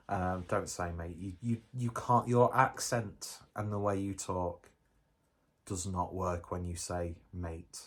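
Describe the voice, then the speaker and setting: Man, deep low voice, loose rambling jokey beer-vlog delivery. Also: fairly even intonation, slow pace. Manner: rambling, jokey, self-mocking. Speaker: beer reviewer. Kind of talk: casual review vlog.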